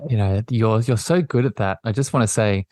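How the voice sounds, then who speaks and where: A man hosting a podcast, talking in a gentle, affirming way and often circling back over his words. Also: fairly low pitch, brisk, dry recording, studio quality. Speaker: podcast host. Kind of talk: reflective spiritual conversation.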